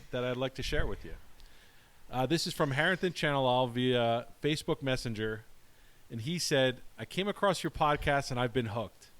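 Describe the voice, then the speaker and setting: New guy hosting a chill podcast, lots of uh's and restarts, medium pitch. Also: fairly bright tone. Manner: halting, many fillers and restarts. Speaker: podcast host. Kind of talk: casual podcast chat.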